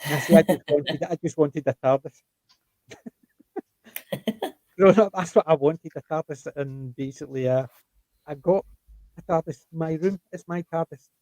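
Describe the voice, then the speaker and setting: An older Scottish man hosting a casual chat, his voice mellow and relaxed. He tells stories in an animated way and acts out the quotes. The sound is close and dry, with no room around it. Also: on the high side, measured pace, long pauses, dry recording, rough recording. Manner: chatty, animated storytelling with acted-out quotes. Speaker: host.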